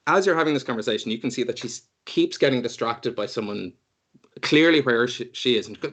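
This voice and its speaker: A man's voice: medium pitch, fast, fairly bright tone. A man narrating a tabletop game as game master, rambling and laughing often.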